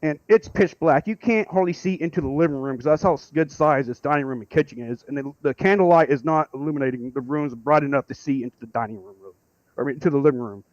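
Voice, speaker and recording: A man calling in to tell a rambling story, excitable and swearing freely. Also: a little high, fast, no room sound, dull audio. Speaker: caller. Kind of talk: casual storytelling.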